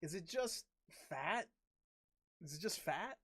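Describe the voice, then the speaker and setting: Excitable, foul-mouthed man streaming. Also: high voice, slow pace, slightly rough, no room sound, studio quality. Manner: loose and excitable, swears often. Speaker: card-breaking livestream host. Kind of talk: casual stream chat.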